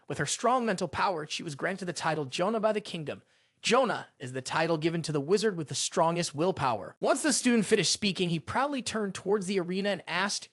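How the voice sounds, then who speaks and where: Expressive animated story narrator. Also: mid-range voice, a little fast, dry recording, studio quality. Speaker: recap narrator.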